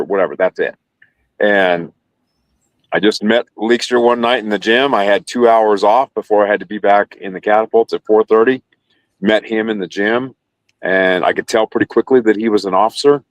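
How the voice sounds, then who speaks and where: Middle-aged man, low-pitched, dry close sound; a chatty guest who rambles and corrects himself mid-story. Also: moderate pace, no room sound. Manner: rambling, self-correcting, laughs while telling. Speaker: podcast guest, former carrier sailor. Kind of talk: casual storytelling interview.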